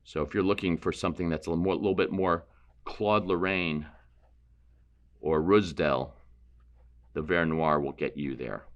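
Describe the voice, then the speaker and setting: A man with a low voice walks through a painting demo. He explains each term while he works, in a loose, thinking-aloud way with self-deprecating asides. He sounds like he is in a studio. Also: normal speed, pauses often, dull audio. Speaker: painting instructor. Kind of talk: painting demonstration.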